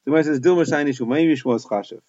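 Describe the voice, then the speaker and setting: A man's voice: fairly high pitch, very fast, warm tone, no room sound. A man teaching a Talmud lesson, reading Aramaic phrases and explaining them in plain English with small hesitations. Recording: dull, dry close recording.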